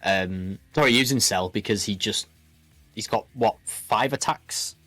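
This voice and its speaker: A man's voice: on the low side, a little slow, fairly bright tone, dry recording. Rambling man commentating a card game. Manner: rambling, lots of fillers and restarts. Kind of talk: casual play-by-play commentary.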